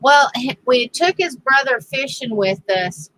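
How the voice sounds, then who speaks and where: Slow-talking bright-voiced woman. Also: high voice, lively intonation, dry recording, poor audio. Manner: storytelling with frequent laughter. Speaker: crafting channel host. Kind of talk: casual chat.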